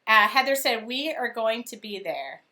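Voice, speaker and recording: Woman host, casual livestream chat, giggly, bright and a bit high. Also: big pitch swings, normal speed. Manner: giggly, reads viewer comments aloud. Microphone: phone speakerphone call alongside.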